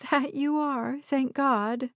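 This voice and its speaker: A woman voicing an anxious, protective young caretaker who talks gently and soothingly. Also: high-pitched, fairly even intonation, slow, no echo, clean studio sound, pitched above the performer's own voice. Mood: worried.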